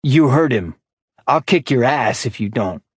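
A man voicing a weary, protective immortal man who talks in a low, clipped, threatening way. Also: lively intonation, a little slow, slightly rough, no echo. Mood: defiant.

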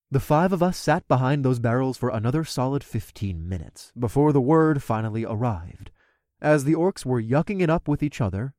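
A man narrating a first-person fantasy story in an expressive, conversational storytelling manner. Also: mid-range voice, no room sound, clean studio sound. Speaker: audiobook narrator.

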